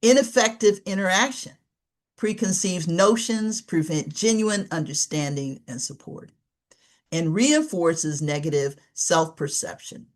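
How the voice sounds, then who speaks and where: A woman's voice: on the low side, measured pace. Woman leading an online training. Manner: warm conversational teaching, rhetorical "right?" asides. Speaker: webinar trainer. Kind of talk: live online training presentation.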